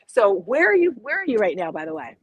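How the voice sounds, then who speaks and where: A woman's voice: medium pitch, a little fast, breathy edge, highs cut off. Bubbly woman in her fifties hosting. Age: 50s. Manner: bubbly and excitable. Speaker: show host. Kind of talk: morning show video call chat.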